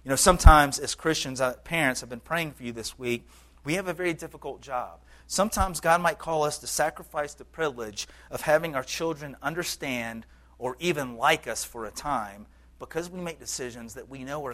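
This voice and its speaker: A man's voice: mid-range voice, a little fast, sharp tone. A man preaching a sermon as pastor to his congregation, earnest and conversational, with occasional fillers.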